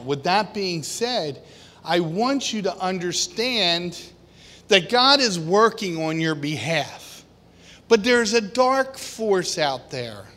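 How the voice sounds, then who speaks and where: A man preaching a sermon to a congregation, animated, often acting out the voices of worried people and of God. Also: fairly high pitch. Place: church hall with a congregation. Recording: long hall reverb.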